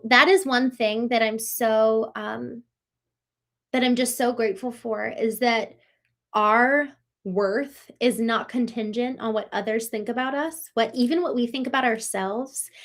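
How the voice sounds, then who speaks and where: Effusive woman hosting a live stream. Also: fairly high pitch. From Maryland, US. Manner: effusive and reflective, with many fillers and restarts. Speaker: host of a live show. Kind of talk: live-stream talk answering chat comments.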